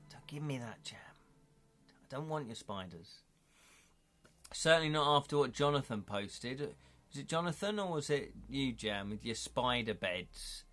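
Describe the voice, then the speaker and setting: A man's voice: medium pitch, fairly bright tone. A man hosting a live stream, chatting casually and joking with his viewers while reading through a gamebook. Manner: chatty, jokey, talks to chat, laughs often. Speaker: livestream host reading a gamebook.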